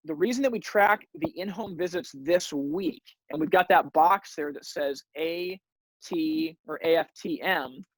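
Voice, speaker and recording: A man runs a sales training webinar, coaching his audience energetically and often repeating words as he starts a sentence. His voice is on the high side, with no echo, in a low-quality recording.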